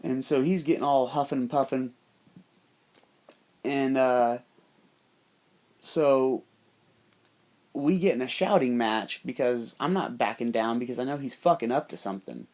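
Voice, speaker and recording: A man's voice: medium pitch, a little slow, long pauses, darkish tone. A man telling a rambling, heavily profane story in a casual, conspiratorial monologue.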